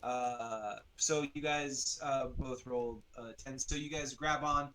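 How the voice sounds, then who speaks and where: A man's voice: medium pitch, fairly even intonation, unhurried, pushed and bright, a little hiss or hum. A man narrating a tabletop role-playing game as game master, loose and rambling, full of fillers.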